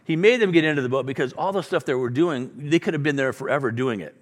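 A middle-aged man preaching a sermon, acting out the dialogue with sudden loud bursts and soft drops. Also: medium pitch, quick pace. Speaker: pastor.

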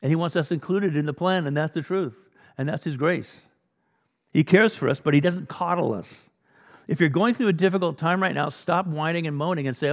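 A man's voice: a little high, fairly quick, long reverb tail. A man preaching a sermon as pastor, blunt and exhorting, full of rhetorical questions and direct challenges to his listeners.

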